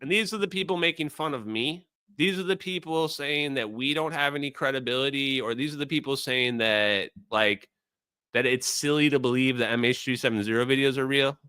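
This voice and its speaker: A man's voice: medium pitch, fairly quick, pushed and bright, smooth, no echo. A man hosting a livestream, ranting in an exasperated, sarcastic way and talking straight to his chat. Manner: addresses the chat directly. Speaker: livestream host. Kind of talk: casual livestream rant.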